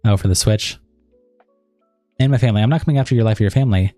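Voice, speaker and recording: A man hosting a livestream, quickly reading text messages and written statements aloud. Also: on the low side, dark tone, dry recording, soft background music. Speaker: livestream host.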